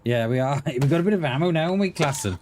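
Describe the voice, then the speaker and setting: A man's voice: on the high side, expressive, quick pace, very noisy. Rambling male game streamer. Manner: rambling, restarts words often, talks to chat. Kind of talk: casual livestream chat while gaming.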